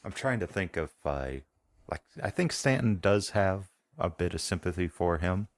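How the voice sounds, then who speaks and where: A man with a very deep voice plays a tabletop horror game, laid-back and thinking out loud. The sound is dry and close. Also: lively intonation, moderate pace, dry recording. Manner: laid-back, thinking aloud, laughs often. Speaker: player. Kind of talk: casual tabletop game play.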